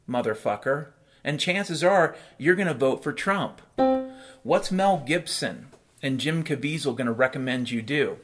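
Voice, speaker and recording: Profane deadpan man over soft piano. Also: mid-range voice. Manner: profane, sardonic, deadpan absurdist storytelling. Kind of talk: rambling monologue. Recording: faint piano music behind.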